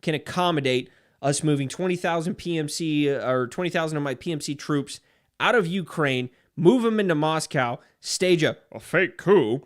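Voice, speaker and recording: A man's voice: on the high side, normal speed. A man hosting a livestream, reading chat and ranting in a profane, fired-up way. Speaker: livestream host.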